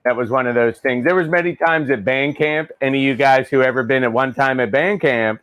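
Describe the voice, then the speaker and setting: A man's voice: medium pitch, brisk, fairly bright tone, dry recording. A man hosting a casual live-stream chat, talkative and laughing often, from western Pennsylvania. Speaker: host.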